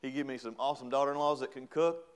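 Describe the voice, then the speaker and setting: A middle-aged man preaching a sermon in a folksy, humorous way, acting out little quoted voices and rising to loud, emphatic praise. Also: mid-range voice, steady tone, quick pace, a little hiss or hum.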